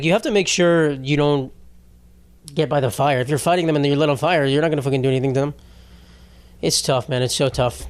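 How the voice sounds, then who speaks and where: A man's voice: a little high, dry recording. A man hosting a solo podcast, chatting casually in a rambling, profane, wisecracking way. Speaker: podcast host.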